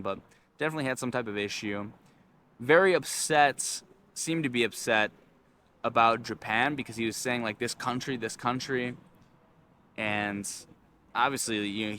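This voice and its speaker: A young man casually telling a story to his viewers, acting out loud yells along the way. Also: slight background noise. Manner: animated, acts out screaming with loud high yells. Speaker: vlogger.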